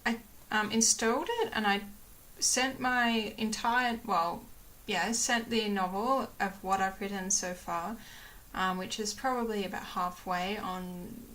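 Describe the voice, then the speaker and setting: A woman's voice: mid-range voice, fairly even intonation, a little slow, a bit bright. A young woman chatting casually to her viewers, rambling with many fillers and restarts and laughing often. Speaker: vlogger. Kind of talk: casual chat to camera.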